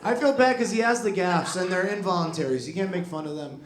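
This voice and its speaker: Young stand-up comic, self-deprecating, rambling with fillers, slightly high voice; roomy club with laughing crowd. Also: male voice, quick pace. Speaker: stand-up comedian. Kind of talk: stand-up comedy set. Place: comedy club.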